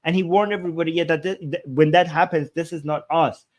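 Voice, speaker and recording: A man's voice: fairly high pitch, fairly even intonation. A man doing live-stream reaction commentary on video clips, incredulous and exasperated, with many restarts. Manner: talks fast with many restarts.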